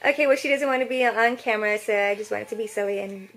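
A woman who vlogs and trains in martial arts talks to her audience from her bedroom in cutesy baby talk, bubbly and playful. Her voice is medium-pitched, fast and fairly bright.

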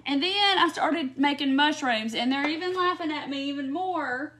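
A woman's voice: high-pitched, moderate pace, a bit bright, a little hiss or hum. A woman hosts a casual craft livestream, giggling often as she chats to viewers. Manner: giggly, laughing often while chatting to viewers. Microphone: phone or webcam on a live stream.

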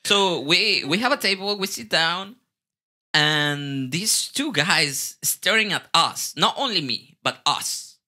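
A man's voice: high-pitched, expressive, takes it slowly, bright, forceful tone. A man with a Mexican Spanish accent, a Spanish speaker, telling stories as a guest in a casual way, repeating words and swearing now and then. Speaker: guest bartender. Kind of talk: casual storytelling.

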